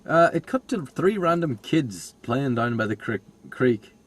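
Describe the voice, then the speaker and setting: A man's voice: mid-range voice, very animated, normal speed, slight background noise. A man chatting casually as a film critic, crude and joking, slipping into silly voices. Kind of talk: casual film review chat.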